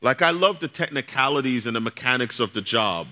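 A man's voice: mid-range voice, expressive, a little fast, bright, forceful tone. A man pastor preaching a sermon, telling a personal story in a conversational way and speaking directly to his congregation.

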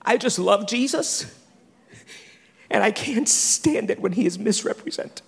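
Animated high-voiced male preacher in a hall. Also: creaky, slightly rough. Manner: animated, swinging from loud to hushed, quick asides. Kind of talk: sermon. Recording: long reverb of a large hall.

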